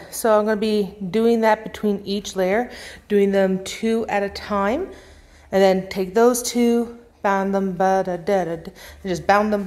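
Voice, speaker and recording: Woman host, casual step-by-step maker narration, relaxed and chatty, mid pitch. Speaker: prop maker.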